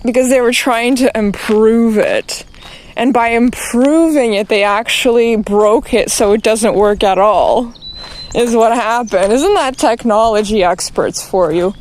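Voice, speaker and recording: A woman's voice: fairly high pitch, unhurried, a little mellow, slight background noise. A woman streamer ranting, exasperated and profane, rambling along with many restarts. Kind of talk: ranting to camera.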